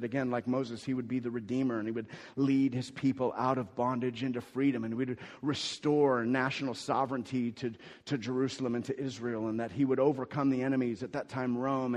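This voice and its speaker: A man preaching a sermon, telling the story with sudden swings between loud emphasis and hushed asides. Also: mid-range voice, in a large hall. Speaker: pastor.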